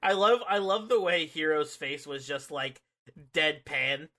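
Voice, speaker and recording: A man's voice: on the high side, expressive, measured pace, pushed and bright. A man in casual chat reviewing a wrestling match, laughing along and adding short agreeing replies. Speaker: podcast co-host.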